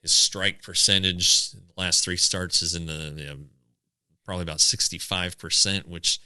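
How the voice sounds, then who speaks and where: A man co-hosting a podcast, chatting casually about a pitcher's numbers, with many halting restarts. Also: steady tone, bright, forceful tone, clean tone, no echo. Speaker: podcast co-host. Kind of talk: casual sports chat.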